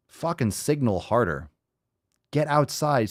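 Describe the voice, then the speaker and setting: A man's voice: lowish voice, expressive, moderate pace, darkish tone, dry recording, studio quality. A man hosting a podcast who reacts to clips in a mocking, profane, sarcastic way. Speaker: podcast host. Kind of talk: casual podcast reaction commentary.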